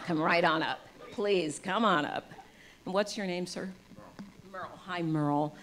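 Expressive woman giving an inspirational talk. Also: lowish voice. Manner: expressive, swings from soft and intimate to loud and emphatic; acts out voices of people in her stories. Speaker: guest speaker at a church service. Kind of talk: inspirational talk on spirituality and love. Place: in front of a live congregation.

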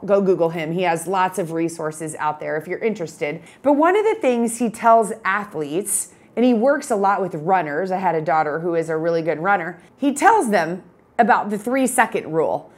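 Chatty, energetic woman business coach. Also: mid-range voice. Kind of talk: motivational talk to camera.

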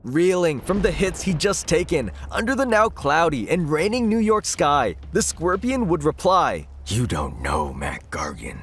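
A man's voice: high-pitched, very animated, moderate pace, few pauses, slight background noise. A man narrating a comic-book story recap in a dramatic, scripted storytelling manner.

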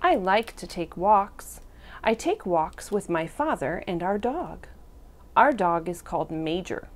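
A woman reads a children's picture book aloud at story time. Her pitch moves a lot as she reads, and she takes her time over each line. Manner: slow, expressive reading. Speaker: storytime reader.

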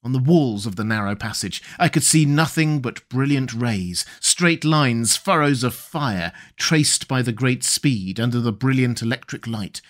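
A man narrating a classic adventure novel as an audiobook reader in a measured, steady way. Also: medium pitch. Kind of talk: scripted narration.

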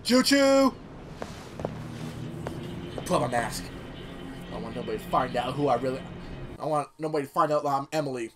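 A teenage man giving casual, rambling let's-play commentary, excitable and quick to swear. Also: medium pitch. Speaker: gameplay commentator. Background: game music.

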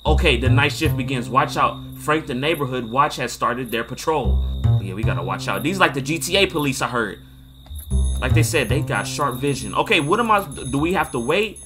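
A man's voice: medium pitch, expressive, brisk. A young man casually commenting on a game he plays, in a playful, joking way. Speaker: gamer. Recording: loud game music behind.

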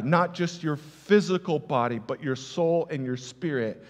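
High-voiced male pastor, reverberant hall. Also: expressive, measured pace, hardly any pauses. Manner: emphatic, repeats key words for effect; conversational, tells personal stories. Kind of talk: sermon.

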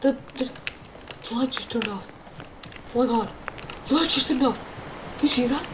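With a high voice at a normal pace, a woman streams herself playing a horror game, getting spooked easily and exclaiming a lot. Background noise is noticeable in the clip.

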